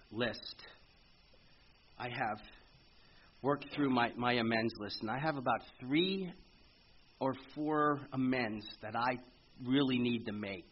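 A middle-aged man speaking earnestly at a recovery meeting, telling his story in a halting way with frequent restarts. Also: mid-range voice, a little hiss or hum. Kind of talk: personal recovery testimony. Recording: muffled lo-fi meeting recording with faint ambience.

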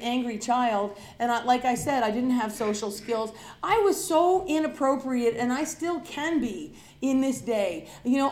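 A woman's voice: high voice, darkish tone, reverberant. A woman sharing her own story of alcoholism and recovery with an audience, candid and confessional, emphatic and dramatic as she acts out her past self. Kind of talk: personal recovery talk to an audience.

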